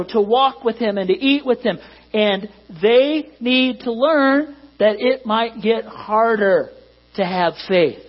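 A man preaching a sermon to a congregation in a conversational way that rises to emphatic peaks. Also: high-pitched. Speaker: pastor. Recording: dull lo-fi recording with mains hum.

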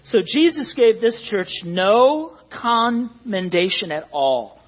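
A middle-aged pastor preaching in a church hall, conversational and joking with the congregation. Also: male voice, sits high, sing-song, slow pace, dull audio. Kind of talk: sermon.

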